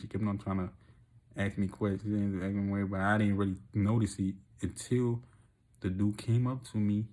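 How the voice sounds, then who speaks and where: A man telling a rambling, profane story in a casual monologue, often laughing and getting loud and excited. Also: lowish voice. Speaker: vlogger.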